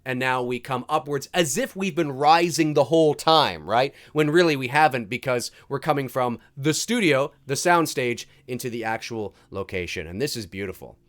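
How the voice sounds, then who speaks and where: A man's voice: medium pitch, lively intonation, moderate pace, few pauses. A man hosting a live movie commentary stream, chatting casually and reading viewer comments aloud. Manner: casual, chatty, restarts and fillers, reads chat aloud.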